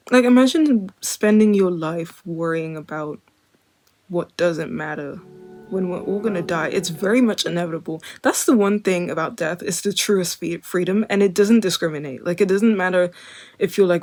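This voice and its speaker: A woman's voice: fairly low pitch, darkish tone. Rambling young woman musing to camera. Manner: rambling, lots of filler "like", drifting between wry and earnest. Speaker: vlogger. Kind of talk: casual monologue to camera.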